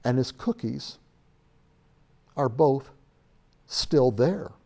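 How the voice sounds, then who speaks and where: A man's voice: mid-range voice, animated, drawn-out words, gravelly, a little mellow. A man giving a recorded sales training lecture, storytelling in an emphatic way.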